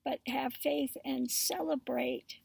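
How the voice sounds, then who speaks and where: A woman tarot reader talking casually and spiritually to her viewers, slow and halting with many pauses and fillers. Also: high voice, steady tone, vocal fry, a little mellow, breathy edge, no echo, far from the mic. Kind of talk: casual spiritual talk to camera.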